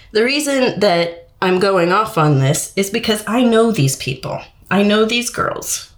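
Woman in her 30s, dietitian venting to camera, blunt, exasperated, swears freely. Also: mid-range voice. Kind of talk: ranting vlog monologue.

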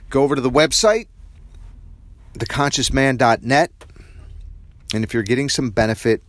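A man's voice: mid-range voice, dry recording. A man hosting a podcast, giving an earnest, reflective spiritual self-help tip. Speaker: podcast host.

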